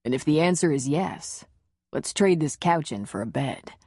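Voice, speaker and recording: A woman reading the part of a gentle, confident man in an audiobook romance, speaking in a low, reassuring murmur. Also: expressive, moderate pace, husky, dry recording, full character voice. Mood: tender. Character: tender confident adult man, a lover.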